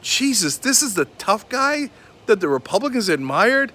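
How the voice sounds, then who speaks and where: A man's voice: high-pitched, very animated, normal speed, bright, forceful tone. A man hosting a political commentary show, ranting in a heated, exasperated and sarcastic way.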